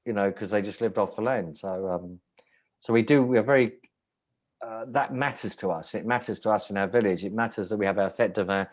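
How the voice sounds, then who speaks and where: Rambling, wry man, low voice. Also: a little fast, lo-fi sound. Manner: rambling, self-interrupting, wry. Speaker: restaurant owner. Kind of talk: casual anecdotal chat.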